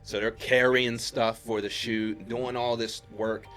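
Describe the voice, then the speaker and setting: A man from Pittsburgh, a podcast guest, telling a story in casual chat and acting out the quotes with his voice jumping up high. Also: a little slow, faint music behind. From Pittsburgh, USA. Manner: animated retelling, acts out quotes with rising pitch.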